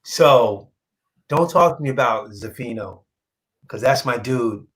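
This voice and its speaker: A male comic book artist telling a story in a casual interview, animated and acting out quoted dialogue, halting and repeating himself when moved. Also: medium pitch, low-quality recording.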